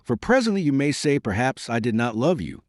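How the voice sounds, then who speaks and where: A man's voice: mid-range voice, sing-song, brisk, dry recording, studio quality, pitched above the performer's own voice, close to an everyday voice. A man voicing a heartbroken young nobleman who speaks with grave, earnest dignity in an audiobook.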